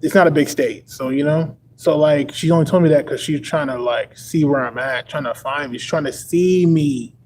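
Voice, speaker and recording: A man's voice: fairly high pitch, normal speed, few pauses, darkish tone, a little hiss or hum, poor audio. A young man from Texas on a livestream, talking casually and rambling, packing his sentences with "like" and chuckling often. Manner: rambling, full of "like" fillers.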